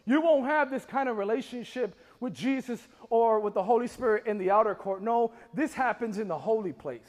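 A man preaching a sermon as pastor, impassioned, with rising shouts and call-and-response to the congregation. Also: very high voice, fairly quick, big-room sound.

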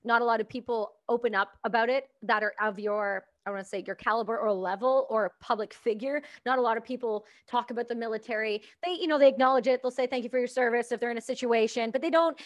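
A woman's voice: a little high, fast talker, hardly any pauses, no room sound. Earnest woman host, dry close sound. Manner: earnest, repeats words while gathering thoughts. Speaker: podcast host and veteran. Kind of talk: conversational interview.

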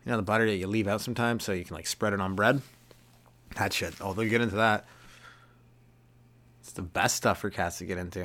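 A man's voice: on the low side, steady tone, fairly quick, pauses often, a bit bright. A young man hosting a comedy podcast, rambling through a casual monologue, swearing and laughing at his own jokes.

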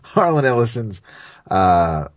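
A man's voice: lowish voice, very animated, takes it slowly, no echo, dull audio. A man co-hosting a comics podcast, chatting casually and hesitantly with many fillers and restarts. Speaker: podcast co-host.

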